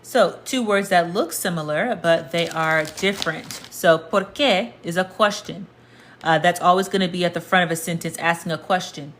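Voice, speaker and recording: Woman, lowish voice, patient, repeats words slowly, live lesson. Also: fairly bright tone, a little hiss or hum. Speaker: Spanish teacher. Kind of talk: casual livestream lesson.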